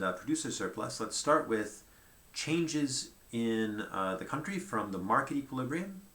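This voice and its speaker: A man's voice: lowish voice, fairly bright tone, echoey room. A man giving a conversational lecture at a whiteboard, thinking aloud and checking in with "right?" as he goes.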